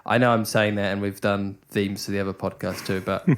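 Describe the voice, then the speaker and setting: A man's voice: fairly low pitch, flat delivery, brisk. A young man hosting a casual podcast chat, rambling with lots of restarts and the odd swear word. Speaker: podcast host.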